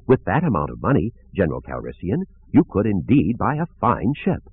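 A man's voice: fairly low pitch, huge pitch swings, brisk, husky, heavily acted. A man voicing a fussy, overly formal male protocol droid, prim and anxious. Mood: fussy, eager. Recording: narrow phone-like sound.

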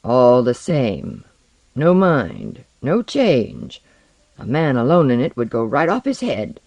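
A suspicious middle-aged chemist who speaks in a strained voice, as an audiobook narrator puts him on. He talks slowly, pressing each word louder. The tone is grim and accusing. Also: medium pitch, huge pitch swings, creaky, no room sound, lo-fi sound, exaggerated voice. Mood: gloomy. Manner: strained, forceful.

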